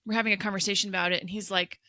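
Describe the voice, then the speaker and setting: A woman in her thirties hosting a podcast, chatting and telling stories in a lively, animated way on a close mic. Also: mid-range voice, very fast, no room sound. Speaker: podcast host. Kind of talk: casual podcast chat.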